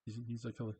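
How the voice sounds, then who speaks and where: Male reviewer, mid-pitched, conversational episode recap with wry chuckles. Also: darkish tone. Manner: chatty, chuckles at his own asides. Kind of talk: casual recap and commentary.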